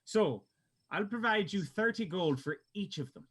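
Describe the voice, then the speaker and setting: A man's voice: sits high, expressive, normal speed, husky, pitched above the performer's own voice. A man voicing a crude, bossy older female innkeeper who calls people dearie. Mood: businesslike. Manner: blunt, bossy and foul-mouthed.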